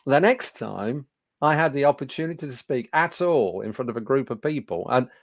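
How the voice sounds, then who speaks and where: A speaking coach in his sixties, with a Birmingham accent, recounts anecdotes before a studio audience, using fillers and poking fun at himself. His medium-pitched voice is expressive and moderately paced, captured dry.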